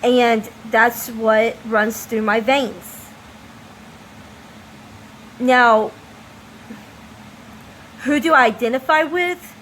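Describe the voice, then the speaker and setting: A vlogger from the United States delivers an emphatic, impassioned opinion monologue at a slow, deliberate pace. Her voice is fairly high and a bit bright, and the low-quality recording carries a little hiss or hum.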